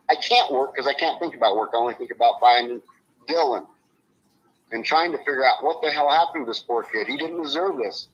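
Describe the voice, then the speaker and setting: Blunt, husky man over a phone line. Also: mid-range voice, a little fast, fairly bright tone. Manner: blunt, swears freely, voice rising when upset. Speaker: interview guest. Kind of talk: emotional interview on a live stream.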